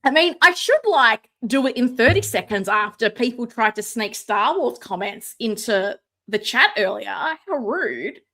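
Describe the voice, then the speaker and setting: A woman hosting a live stream from home, chatting casually, excitable and sarcastic, sometimes shouting. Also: on the high side, moderate pace, hardly any pauses. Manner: excitable, sarcastic, loud at times. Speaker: livestream host. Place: home room with ring light. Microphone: no mic close by, computer setup.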